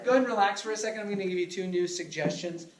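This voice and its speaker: A woman's voice: medium pitch, rapid-fire, heavy background noise. A woman leading an improv class show, upbeat and laughing often as she coaxes suggestions from the audience. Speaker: improv class instructor and host. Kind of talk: live improv show hosting. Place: theater stage before a live audience. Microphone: far room mic. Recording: echoey room, far from the mic, crowd.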